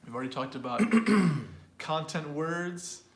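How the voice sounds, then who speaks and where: A man's voice: fairly high pitch, a little slow, roomy sound. A man teaching an online English pronunciation class. He explains in a talkative way and often repeats or restarts words.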